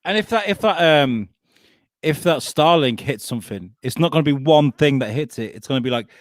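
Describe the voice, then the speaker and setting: Lively man hosting banter. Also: a little high, a little fast, no room sound, studio quality. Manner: animated, swears freely, laughs often. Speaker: comedy podcast host. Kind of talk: casual comedic banter.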